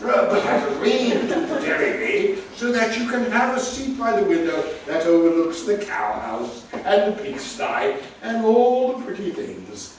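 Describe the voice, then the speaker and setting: A man's voice: high voice, sing-song, unhurried, hardly any pauses. A man playing a bumbling English lord. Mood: befuddled. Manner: constant hesitant 'uh' fillers, muddled logic. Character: dim-witted English lord, fussy and befuddled. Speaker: actor in a play reading. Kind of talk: stage play reading. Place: theater stage. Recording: very echoey theater, distant mic, faint hiss.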